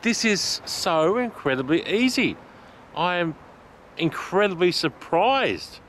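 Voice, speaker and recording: Breathless, excited man out walking. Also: high-pitched, slow pace, a little hiss or hum. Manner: excited, laughing often, chatty. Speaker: vlogger. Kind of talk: casual vlog while walking. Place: outdoors in a park.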